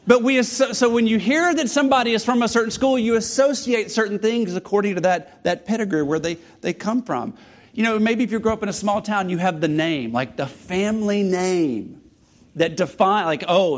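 A man preaching a sermon, teaching from scripture with emphatic repetition and rhetorical questions. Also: high voice. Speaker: pastor.

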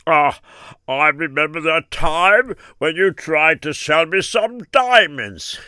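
A man's voice: a little high, lively intonation, slow pace, pushed and bright, clean tone, dry recording, exaggerated voice. A man voicing a wary businessman who accuses the seller of swapping his goods. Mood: accusing. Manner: accusing, brushes off the other. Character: wary cheated male businessman.

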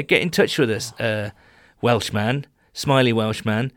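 An unhurried man with a medium-pitched, fairly bright voice co-hosts a casual sports chat podcast from a small room at home. He rambles through stories and laughs easily. The recording is dry.

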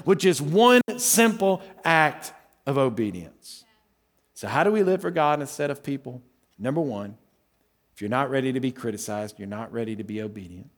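Conversational pastor preaching a fiery evening sermon. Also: male voice, animated, normal speed, big-room sound. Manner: conversational preaching with rhetorical questions; swings between loud emphatic lines and quiet low asides. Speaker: lead pastor. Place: church service before a congregation.

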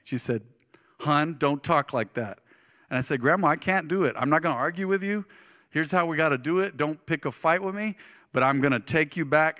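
Animated pastor in a reverberant church. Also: male voice, on the high side. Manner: animated storytelling, swings between loud bursts and soft asides. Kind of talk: sermon. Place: church sanctuary. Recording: live church sound with long reverb.

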